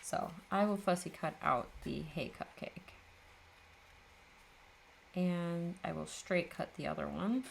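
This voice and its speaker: A woman talks her way through a craft project in a low voice with plenty of vocal fry. She is chatty and self-mocking, laughing often, and sounds a little tired. Her delivery is loose and unscripted. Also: takes it slowly, pauses often, a little hiss or hum. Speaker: papercraft video host. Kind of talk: casual chat while crafting.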